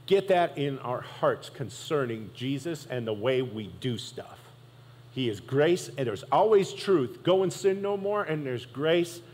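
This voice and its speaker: A man's voice: mid-range voice, animated, measured pace, darkish tone. A man preaching a sermon as pastor, talking conversationally and often checking in with the congregation by asking "right?". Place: church sanctuary. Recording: long hall reverb.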